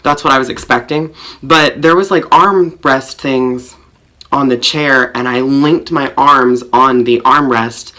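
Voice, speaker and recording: A man's voice: mid-range voice, measured pace, sharp tone. A man vlogger telling a personal story in a rambling, self-mocking way, full of fillers. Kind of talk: storytime vlog.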